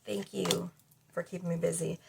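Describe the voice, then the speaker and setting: A woman's voice: fairly low pitch, flat delivery, normal speed, creaky, noisy background. A woman with children doing a casual tarot reading to camera at home, blunt and profane, laughing often. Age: adult with children. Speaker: tarot reader. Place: cluttered bedroom at home. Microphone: camera mic.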